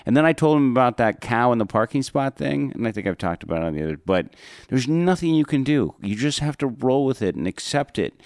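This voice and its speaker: Animated male comedian telling a story. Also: medium pitch, a little fast, clean tone, no room sound, studio quality. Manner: animated, laughing, full of self-corrections. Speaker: comedian and podcast host. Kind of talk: casual storytelling. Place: podcast studio.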